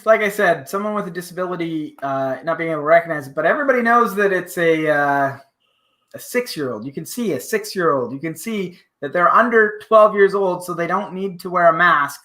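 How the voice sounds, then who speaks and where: A man co-hosts a casual podcast. His voice is high and bright, and he answers calmly and agreeably. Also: moderate pace. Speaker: podcast co-host.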